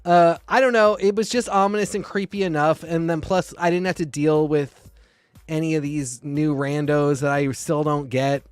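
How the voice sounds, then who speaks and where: A man's voice: fairly high pitch, steady tone, moderate pace, clear, resonant tone, dry recording. A man co-hosting a casual comic book podcast, laid-back and laughing, with many fillers. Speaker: podcast co-host. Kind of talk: casual chat.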